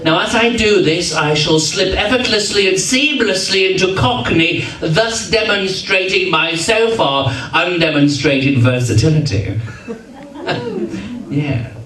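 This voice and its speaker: He's high-pitched and unhurried, his voice pushed and bright. As an entertainer in a function hall, he jokes with and teases the live audience, captured from afar in a roomy hall recording with the crowd.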